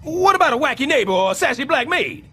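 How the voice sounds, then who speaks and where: An actor playing a scheming middle-aged building superintendent in an animated sitcom, sarcastic and overdramatic. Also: male voice, extremely high pitch, fast talker, slight background noise, full character voice.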